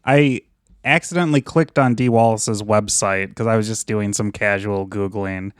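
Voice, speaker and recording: A man's voice: fairly low pitch, fairly even intonation, normal speed, clear, resonant tone, no echo, studio quality. A man co-hosting a casual movie podcast, hesitant but wry in his asides. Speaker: podcast co-host. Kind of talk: casual chat.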